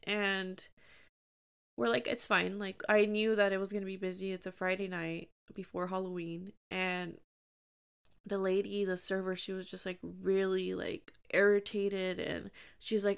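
Young woman, solo podcast host, candid and encouraging, smooth clear voice, mid pitch. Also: steady tone, a little slow. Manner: candid, chatty, encouraging, many fillers. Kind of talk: casual solo podcast talk.

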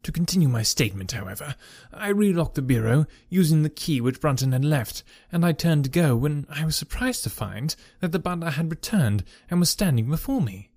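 A man narrating a story aloud in a measured, formal storytelling manner. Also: on the high side, big pitch swings, a little mellow, no room sound, clean studio sound. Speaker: audiobook narrator. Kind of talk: scripted narration.

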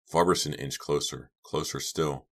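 A man narrating a horror audiobook with steady, tense storytelling. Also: a bass voice, unhurried, gravelly. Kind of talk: scripted narration.

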